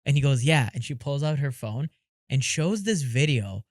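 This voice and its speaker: Animated male podcast host. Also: medium pitch, moderate pace, no room sound, clean studio sound. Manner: animated storyteller, laughs a lot. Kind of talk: casual podcast chat.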